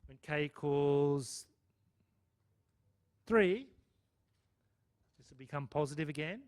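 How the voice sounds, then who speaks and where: Male math lecturer, high-pitched, chatty and checking in with the class. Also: animated, slow pace, a little mellow. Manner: chatty, checks in with "okay?" and "right?". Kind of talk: live lecture with student questions.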